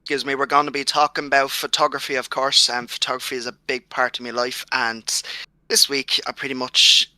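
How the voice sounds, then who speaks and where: An Irish man talking as a guest on a computer voice call, giving measured, brief answers. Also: medium pitch, flat delivery, sharp tone, no echo, rough recording. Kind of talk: casual chat.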